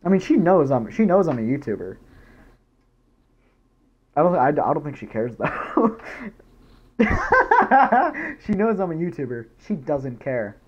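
A man's voice: on the high side, very animated, moderate pace, long pauses, darkish tone, slightly rough, dull audio. Goofy young man rambling over gameplay. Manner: goofy, rambling, jumps into silly voices. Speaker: gaming YouTuber. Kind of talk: casual gameplay commentary.

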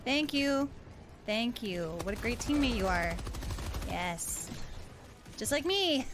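Giggly high-voiced woman streamer. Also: big pitch swings, slow pace, music in the background. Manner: playful, giggly, self-mocking panic. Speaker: VTuber streamer. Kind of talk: casual gameplay livestream.

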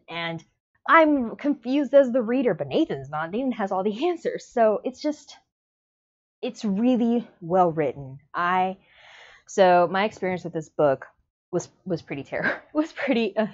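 A woman's voice: medium pitch, a little mellow, muffled recording. A woman giving a casual, emotional book review on video, acting out her own reactions.

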